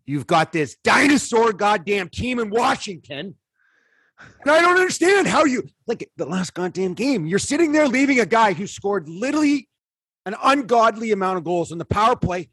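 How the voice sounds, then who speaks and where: A man with a husky, slightly breathy voice, caught up in a casual sports rant. He sounds exasperated and swears freely, and his pitch shoots up when he gets fired up. The sound is dry and close. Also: big pitch swings, normal speed, a bit bright, no echo. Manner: exasperated rants, swearing, voice jumping high when worked up. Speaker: podcast co-host.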